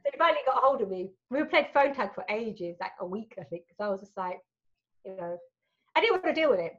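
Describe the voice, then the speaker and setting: A woman's voice: mid-range voice, expressive, quick pace, fairly bright tone, highs cut off. A woman telling personal stories as a podcast guest, frank and sweary, tagging lines with right and you know. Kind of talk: candid storytelling in a podcast chat.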